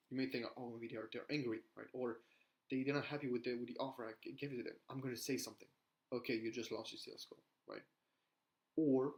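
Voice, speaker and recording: A man's voice: medium pitch, a little mellow, low-quality recording. A young man coaching on sales in a casual, rambling way, tagging points with "right?" and restarting his sentences. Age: young adult. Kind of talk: casual talking-head advice.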